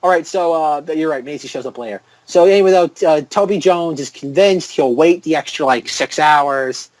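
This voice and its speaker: A man's voice: fairly high pitch, moderate pace, darkish tone. A man co-hosting a film podcast, rambling sarcastically and filling his talk with "like". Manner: rambling, heavy "like" filler, sarcastic. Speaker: podcast co-host. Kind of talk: casual film podcast chat.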